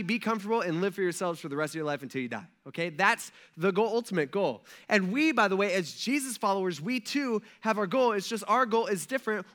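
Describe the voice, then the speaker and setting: A man preaching a sermon to his church, retelling a story in a casual, slangy way with quick asides to the congregation. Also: high-pitched, a bit bright. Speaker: pastor.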